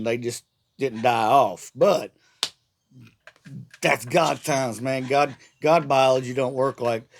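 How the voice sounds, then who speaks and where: A man's voice: mid-range voice, slight background noise. A middle-aged man, ranting sarcastically and at length in a rambling, casual monologue full of restarts. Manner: rambling, sarcastic, irreverent, repeats words. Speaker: vlogger.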